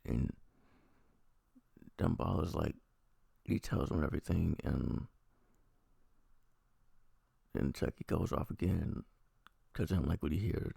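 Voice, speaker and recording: A man's voice: rumbling low, slow pace, creaky, long pauses, mellow, husky, no room sound, clean studio sound. A man giving a rambling, profane, casual recap and review of a TV episode. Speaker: TV review vlogger.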